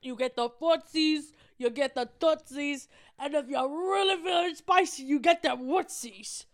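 High, dry-miked woman podcast host, animated comic storyteller. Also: measured pace, dry recording. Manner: animated, laughing, quoting coworkers in voices. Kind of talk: casual comedic storytelling.

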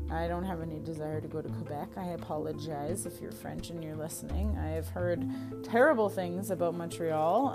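Chatty, blunt Canadian woman podcaster. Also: lowish voice. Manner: chatty, blunt and self-mocking. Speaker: podcast host. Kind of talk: solo audio diary podcast. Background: music.

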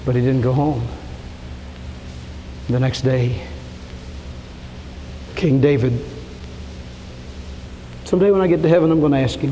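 A man preaching a sermon, telling a story and building to impassioned calls, sometimes dropping to a hush. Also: medium pitch, a little slow, long pauses. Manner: storytelling, rising to impassioned preaching with shouts and hushed whispers. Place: church sanctuary. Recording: reverberant hall, faint room noise.

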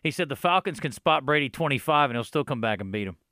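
Fast, bright-voiced male radio host. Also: medium pitch, animated, no echo, clean studio sound. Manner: friendly, upbeat banter with callers. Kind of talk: sports talk radio.

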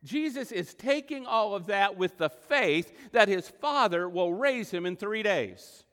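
Emotional preacher, high voice. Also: male voice, animated, measured pace, in a large hall. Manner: emotional, with sudden swings between loud emphasis and quiet asides. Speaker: pastor. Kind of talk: sermon. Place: church sanctuary.

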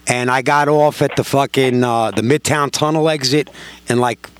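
A man's voice: mid-range voice, moderate pace, clear, resonant tone. A middle-aged man, a podcast guest telling casual stories full of swearing and acted-out quotes. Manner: heavy swearing, lively anecdotes with acted-out quotes. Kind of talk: casual storytelling.

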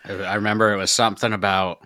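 A man co-hosts a podcast in loose casual chat, telling stories with a dry sense of humor. His voice sits very low yet sounds sharply bright and crisp. He talks easily with friends. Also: level tone, very fast, dry recording. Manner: dry joking storyteller. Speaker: podcast co-host.

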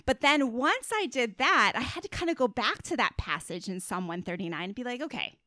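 Chatty middle-aged woman, higher-pitched. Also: lively intonation, brisk, sharp tone, no room sound. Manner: chatty and earnest, with frequent fillers and tag questions. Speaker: guest author and Christian body image coach. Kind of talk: casual podcast interview.

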